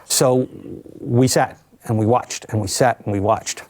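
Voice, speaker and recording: An older man recounting his own survival in a documentary interview, measured and reflective with vivid asides. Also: medium pitch, steady tone, darkish tone.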